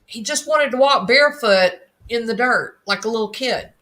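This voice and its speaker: A woman's voice: on the high side, normal speed, fairly bright tone. Blunt, scornful woman commentator. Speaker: true crime commentator. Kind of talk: opinionated solo commentary.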